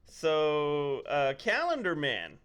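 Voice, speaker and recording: A man co-hosting a casual film review podcast, easygoing and quick to laugh. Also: fairly high pitch, wildly swooping pitch, fairly bright tone, clean tone. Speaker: podcast co-host.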